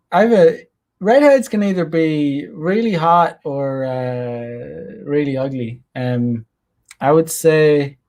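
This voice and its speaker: A man's voice: mid-range voice, darkish tone. A man hosting his own show, talking loosely with many fillers and restarts. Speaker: host. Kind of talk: casual solo livestream commentary.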